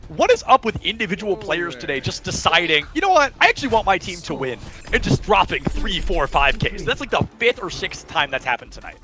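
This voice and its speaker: A young male esports caster rattles off play-by-play at a rapid clip, getting excitable on the big moments. His voice sits a little high for a man. Game music plays clearly underneath him. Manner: excitable, quick play-by-play calls. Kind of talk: live esports commentary. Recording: game music and sounds behind.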